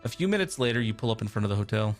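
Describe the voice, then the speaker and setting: A man's voice: fairly low pitch, sing-song, rapid-fire, faint music behind. A male streamer playing a text game live, reacting casually and reading the narration aloud.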